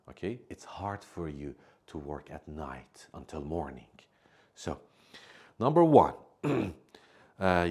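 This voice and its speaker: A deep-voiced man gives an English lesson, his husky tone swinging widely in pitch as he stresses each point. He explains patiently, going back over every idea in new words. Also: a little mellow. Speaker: English teacher.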